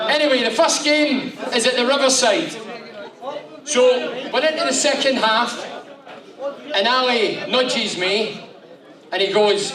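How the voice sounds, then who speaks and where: A man in his fifties, a guest speaker telling animated after-dinner stories, swearing freely. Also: high-pitched. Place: function room with audience. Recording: echoey hall, far mic, crowd.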